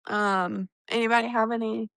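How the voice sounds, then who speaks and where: A woman's voice: on the high side, normal speed, creaky, dry recording. A woman hosting a book discussion podcast, casually recapping chapters and acting out characters' lines with swearing. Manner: animated recapping, acts out quotes, swears. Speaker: book club podcast host.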